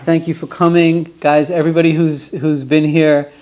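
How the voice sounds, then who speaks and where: A man's voice: fairly high pitch, little pitch movement, normal speed, darkish tone. A man hosting an event, closing it with brief, cheerful thank-yous to the speaker and the audience. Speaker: event host.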